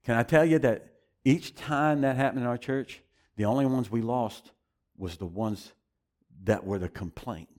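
A man's voice: medium pitch, unhurried, darkish tone. A man preaching a sermon as pastor, emphatic and repeating phrases for emphasis.

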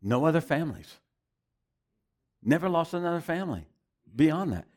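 A man's voice: on the high side, big pitch swings, normal speed, darkish tone. Emphatic man preaching a sermon. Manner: emphatic, repeats phrases for emphasis. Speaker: pastor.

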